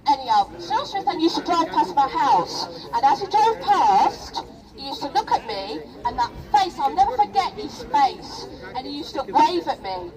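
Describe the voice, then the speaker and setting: This middle-aged Rochdale woman sounds high and sing-song, talking at a normal speed as she rallies protesters on the street with an emotional, impassioned speech. She keeps throwing "yeah?" back at the crowd. The audio comes from a distant outdoor crowd recording.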